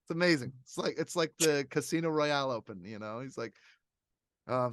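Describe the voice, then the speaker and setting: An animated man hosting a casual movie-review podcast, rambling along and laughing often. His voice is mid-pitched and sits close and dry on the mic, with no room sound. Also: brisk, no room sound. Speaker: podcast host.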